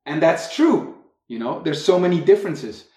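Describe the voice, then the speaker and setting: A man's voice: fairly high pitch, normal speed. Storytelling man in an echoey room. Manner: storytelling, lively anecdotes with quoted voices. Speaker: podcast co-host. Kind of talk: casual podcast conversation.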